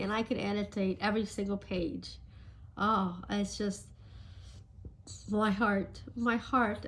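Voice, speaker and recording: A woman, a book vlogger, gushing softly about a favorite novel while talking into a phone camera outdoors on a street. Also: mid-range voice. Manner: gushing, soft-spoken, restarts often. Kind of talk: casual vlog chat. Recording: faint street traffic noise.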